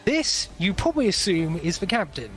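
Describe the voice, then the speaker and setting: A man narrating as game master of a tabletop role-playing session, relaxed and chuckling as he reads out what the players hear. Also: high-pitched, normal speed, faint music behind.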